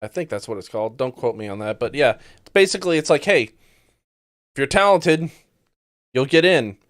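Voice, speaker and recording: A man's voice: medium pitch, animated, quick pace, dry recording, clean studio sound. A man hosting a podcast who reacts to news clips bluntly and sarcastically, swearing often. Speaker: podcast host. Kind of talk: casual commentary on news clips.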